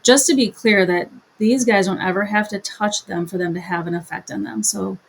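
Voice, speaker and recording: A woman's voice: medium pitch, normal speed, gravelly, a little hiss or hum, low-quality recording. A middle-aged woman, a guest on an interview, telling a personal story with feeling and acting out the conversations she recounts. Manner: emotional, retells conversations in quoted dialogue. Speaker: guest, mother and advocate.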